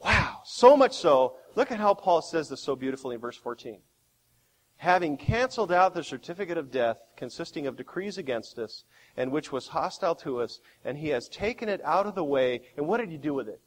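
A man preaching a sermon as pastor, with dramatic swings between quiet and loud. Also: a little high, expressive, brisk. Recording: long hall reverb.

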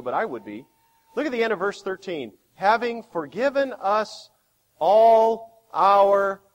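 A man preaching a sermon as pastor, with dramatic swings between quiet and loud. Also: sits high. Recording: long hall reverb.

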